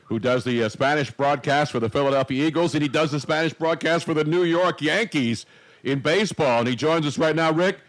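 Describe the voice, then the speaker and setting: A man hosts a loose, casual podcast in a slightly high voice. He talks with emphasis and stacks repeated phrases to drive a point home. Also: a little fast, low-quality recording. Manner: emphatic, repeats himself for effect. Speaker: host.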